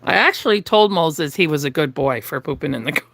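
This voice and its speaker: A middle-aged woman hosting a livestream, telling a story to her chat in a casual, animated way, often laughing and acting out the people in it. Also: low-pitched, fairly quick, creaky, slight background noise. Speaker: livestream host.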